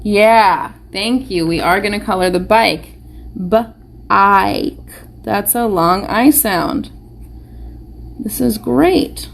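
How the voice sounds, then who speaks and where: A woman's voice: medium pitch, slow, gravelly. A woman teacher giving a live online phonics lesson to young children, patient and encouraging, asking them question after question.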